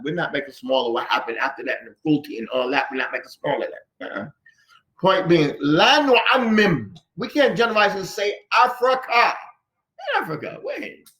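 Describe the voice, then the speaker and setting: In a mosque hall, a lively, high-voiced man teaches a classroom-style religious lesson. He is animated, firing rhetorical questions at his listeners and repeating phrases for emphasis.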